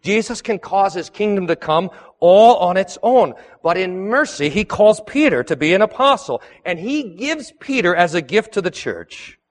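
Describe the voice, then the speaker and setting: Male pastor, higher-pitched man, earnest sermon with loud peaks and hushed drops, recorded in a church with long reverb. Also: sing-song, normal speed. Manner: earnest preaching with emphatic rises and soft drops. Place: church sanctuary.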